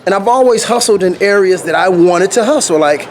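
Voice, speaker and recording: A man with a fairly high voice talks through his story in a loose, animated vlog, acting out what people told him. He is walking uphill outside and sounds a little winded. Faint traffic hums behind him. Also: brisk. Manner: animated, laughs often, acts out what people said. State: slightly out of breath. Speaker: vlogger. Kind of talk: casual storytelling monologue.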